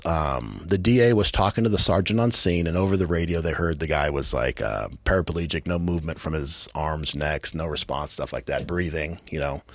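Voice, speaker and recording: A man's voice: low-pitched, dry recording. A man from California, a podcast guest, telling a violent story in a blunt, profane, matter-of-fact way with streetwise grammar. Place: podcast studio.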